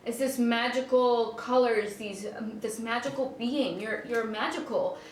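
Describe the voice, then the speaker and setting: A high-pitched woman gives a casual spiritual card reading, talking in an effusive, gushing way and often repeating her words. Her voice carries in a roomy, echoey space, with faint noise behind it. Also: measured pace. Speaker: tarot card reader.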